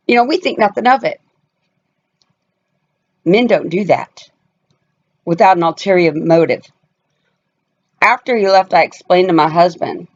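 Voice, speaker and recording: Speaking straight to her viewers, a female family vlogger shares a personal story in a casual, emphatic way, driving her points home and slipping into other people's voices when she quotes them. Her voice sits on the low side, and the audio is somewhat dull and lo-fi.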